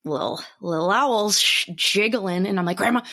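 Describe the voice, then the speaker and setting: A young adult woman chats on a podcast and tells a story with lively energy, her pitch swinging up and down as she acts out each moment. She swears freely and talks in a relaxed, casual way. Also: moderate pace. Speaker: podcast co-host. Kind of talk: casual chat.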